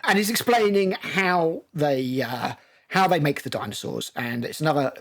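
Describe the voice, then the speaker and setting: A British man with a fairly high, animated voice hosts a casual film discussion at normal speed. He recaps scenes at length, full of ums and restarts.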